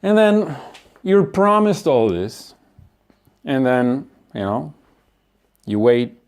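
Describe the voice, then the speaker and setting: A man's voice: medium pitch, big pitch swings, slow, a little mellow. A man delivering a comic monologue, ranting with lots of swearing and acted-out asides.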